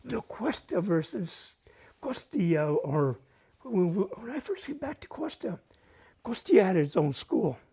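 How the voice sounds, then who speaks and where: Lively northern New Mexico storyteller man. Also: high-pitched, unhurried, slightly rough. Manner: animated, acts out family voices, mixes in Spanish phrases. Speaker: storyteller at a community open mic. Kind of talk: live personal storytelling. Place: library event space, live.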